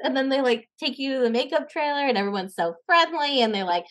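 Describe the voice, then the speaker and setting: A young woman, an actress and podcast guest, chatting casually and telling animated stories, acting out the voices she quotes and laughing often. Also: fairly high pitch, normal speed, hardly any pauses. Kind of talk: casual interview chat.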